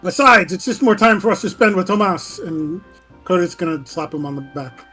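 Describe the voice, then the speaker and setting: A man playing a tabletop game, talking in a laid-back, low-key way. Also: normal speed, bright, forceful tone, husky, soft background music. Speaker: player. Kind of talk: casual tabletop play.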